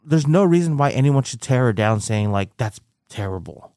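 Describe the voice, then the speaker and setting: A young man in casual podcast chat, animated and quick to laugh, peppering his talk with "dude" and "like". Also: mid-range voice, clean tone, no room sound, studio quality. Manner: animated, laughs often, says dude and like a lot.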